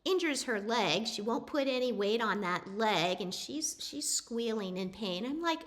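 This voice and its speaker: Chatty, higher-pitched woman telling a story. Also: measured pace, hardly any pauses. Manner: chatty, animated, with frequent restarts. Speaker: host telling an animal story. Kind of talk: casual storytelling.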